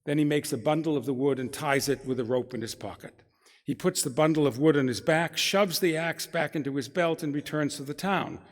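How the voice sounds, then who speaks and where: A man giving a talk in a synagogue, reading a story aloud with dramatic pacing that drops to hushed tones. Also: on the high side, fairly quick. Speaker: guest speaker. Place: synagogue sanctuary. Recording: long reverb of a large hall.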